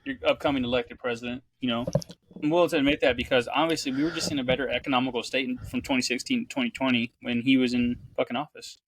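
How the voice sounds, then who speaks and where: A man's voice: mid-range voice, flat delivery, fast, a bit bright, a little hiss or hum, poor audio. A man guesting on a comedy podcast, blunt and profane, often talking over the host. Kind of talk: casual comedy podcast chat.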